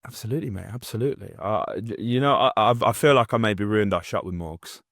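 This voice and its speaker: A young man from the English Midlands, co-hosting a podcast, rambles through a story in casual chat with many restarts and fillers. His fairly low, slightly bright voice comes quickly, and the recording is dry and close with no room sound.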